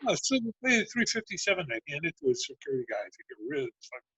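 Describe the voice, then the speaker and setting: A man in his sixties with a husky voice recounts old tour stories in casual, profane chat. He mimics the people he talks about as he goes. The sound is dry and a little muffled. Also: mid-range voice, fast talker, no echo. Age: 60s. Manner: profane, animated anecdotes with acted-out dialogue. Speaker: guest, former band road manager. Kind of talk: casual storytelling.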